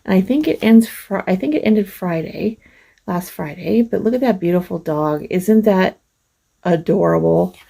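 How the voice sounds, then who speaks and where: A middle-aged woman hosting a craft vlog, gently showing off mail she received and gushing over each piece. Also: lowish voice, lively intonation, vocal fry, low-quality recording. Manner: slow, gentle, gushing over small things. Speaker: craft channel host. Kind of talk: casual show-and-tell vlog.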